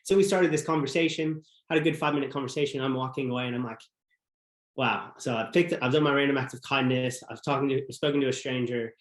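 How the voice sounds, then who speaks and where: Man, podcast guest, earnest personal storytelling, reflective, mid-pitched voice, echoey room. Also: fairly even intonation, fast talker. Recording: roomy echo.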